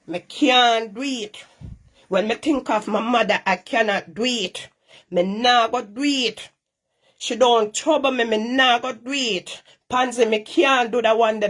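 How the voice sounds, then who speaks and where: Middle-aged jamaican woman ranting on a live, fairly high voice, scolds and repeats herself. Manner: scolding, repetitive, Patois-heavy.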